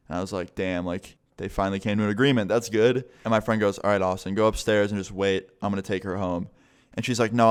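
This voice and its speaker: Young man, vlogger, casual storytelling, lowish voice, animated, swears a lot. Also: clean tone. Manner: animated, swears often, acts out quotes.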